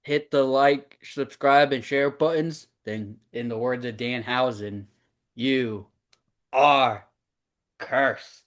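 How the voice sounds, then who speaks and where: A man co-hosting a podcast, teasing and stubbornly holding his ground, often trailing off into a low, quieter mutter. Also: little pitch movement, unhurried, hardly any pauses. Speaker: podcast co-host. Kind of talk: casual podcast banter.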